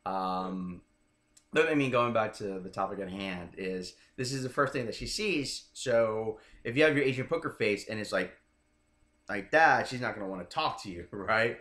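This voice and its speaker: A man's voice: on the low side, lively intonation, normal speed, a bit bright. A man who coaches dating, talking casually as an interview guest and checking in with the listener as he explains. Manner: chatty, keeps checking in with "right?". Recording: roomy echoing room.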